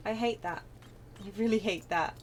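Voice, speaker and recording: A woman's voice: medium pitch, moderate pace, a little hiss or hum. Giggly woman streaming a game. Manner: chatty and giggly, with frequent laughs. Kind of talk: casual gaming chat.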